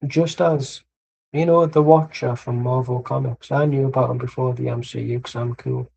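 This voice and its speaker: An English man with a gravelly, husky voice chats loosely while watching a match on stream. He drifts from one tangent to the next and drops the odd swear word without a second thought. His tone sits dark and mellow. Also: medium pitch, muffled recording. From England. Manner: chatty, tangential, swears casually. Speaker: streamer hosting a football watchalong. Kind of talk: casual rambling chat.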